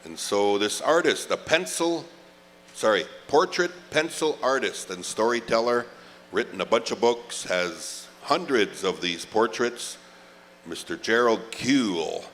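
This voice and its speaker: A middle-aged man emcees a powwow with an expressive, lowish, somewhat bright voice, speaking a little slowly amid slight background noise. His joking, conversational announcing stretches out the names, heard through reverberant arena PA audio.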